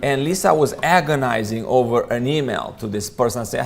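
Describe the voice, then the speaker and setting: A man's voice: medium pitch, a little fast, gravelly, hardly any pauses, slight background noise. A man leading a church Bible study, speaking in an earnest, conversational way with many restarts. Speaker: church teacher.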